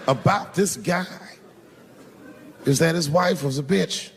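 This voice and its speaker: A man performing a stand-up set, telling a profane story that swings from low, drawn-out lines to high shouts. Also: gravelly, heavy background noise. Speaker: stand-up comedian. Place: large theater stage. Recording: reverberant theater with loud crowd laughter.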